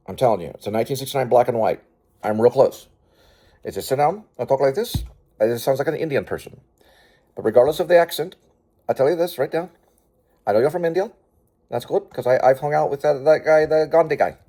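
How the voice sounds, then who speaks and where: A man's voice: mid-range voice, fairly quick, pauses often, warm tone. A man hosting a casual improvised chat, rambling and joking as he plays a door-to-door salesman. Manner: rambling, jokey, playing a salesman. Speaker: host.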